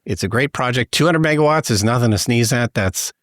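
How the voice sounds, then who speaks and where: A man's voice: mid-range voice, lively intonation, a little fast, a bit bright, no echo, studio quality. A man from Saskatchewan co-hosting a podcast in casual chat, laughing often and restarting his sentences loosely. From Saskatchewan, Canada. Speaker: podcast co-host.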